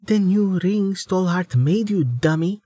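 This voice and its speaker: Man putting on a raised young woman's voice, teasing, quiet, playful healer, dry sound. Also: high voice, animated, slow, dry recording, pitched above the performer's own voice, heavily acted.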